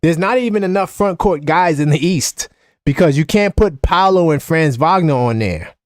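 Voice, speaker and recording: A man with a New York accent hosting a live-stream basketball chat, animated and opinionated, often repeating himself. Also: fairly high pitch, normal speed, no echo, studio quality. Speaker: basketball fan show host.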